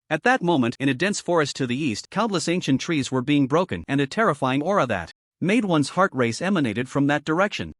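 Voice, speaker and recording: A male narrator reading a fantasy recap with an animated, dramatic delivery. His voice sits a bit high and swings widely in pitch. The recording is dry and close. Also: no room sound.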